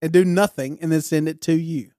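A man's voice: a little high, fairly even intonation, brisk, mellow, no room sound, studio quality. A man in casual chat, listening and adding sympathetic, incredulous comments. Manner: sympathetic listener, short agreeing responses.

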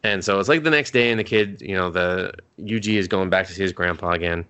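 This podcast co-host has a low, sharp, clear and resonant voice with the highs cut off, and he talks fast. His anime recap is casual and rambling, packed with fillers, restarts, and free cursing.

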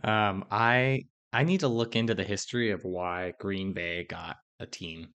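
A man with a very deep voice hosting a sports podcast. He speaks in a measured way and moves between topics with short "um" fillers. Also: fairly bright tone. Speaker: podcast host.

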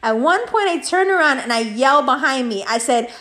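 A woman telling a story in a vlog, animated and heavy on profanity. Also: high-pitched, normal speed.

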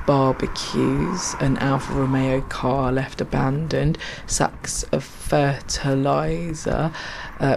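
A woman's voice: sits low, vocal fry, slight background noise. A woman telling reflective, poetic stories with wry asides while walking outdoors along a canal. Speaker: storyteller. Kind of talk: reflective spoken-word storytelling.

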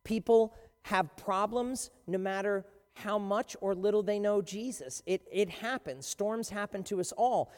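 A pastor preaching a sermon with animated, emphatic storytelling. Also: mid-range voice, unhurried, few pauses. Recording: long hall reverb.

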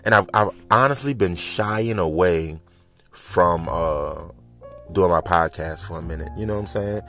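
Guy in his 30s doing his podcast, low voice, animated and rambly, talking right at his listeners. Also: unhurried, faint music behind. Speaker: podcast host. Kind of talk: casual monologue podcast. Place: home, smoking while recording.

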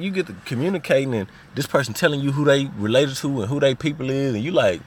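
A man's voice: medium pitch, fast talker, few pauses, slightly rough. A man with an Arkansas Southern accent, talking casually and telling personal stories as a podcast host, full of slang and "you know what I mean.". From Little Rock, Arkansas.

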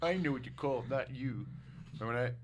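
A man's voice: mid-range voice, quick pace, slight background noise. A middle-aged man co-hosting a casual live podcast, joking crudely and laughing often. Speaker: podcast co-host.

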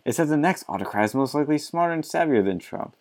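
A man's voice: on the high side, animated, fast talker, darkish tone. A man reading an article aloud and mocking it with sarcastic, profane commentary, often laughing.

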